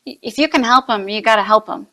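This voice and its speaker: A woman and mother speaking as an interview guest about her fight against trafficking, earnest and forceful, repeating points for emphasis. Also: a little high, fast. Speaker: guest, anti-trafficking activist. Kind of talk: impassioned interview answers.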